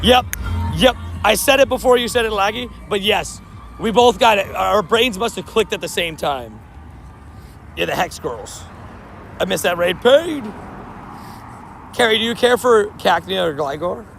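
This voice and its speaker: A man in casual live-stream chat, talking loosely with his viewers. His voice sits fairly high for a man and carries a steady gravelly fry. He often trips over his words and breaks into laughs. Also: measured pace, pauses often, soft background music. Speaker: mobile game streamer.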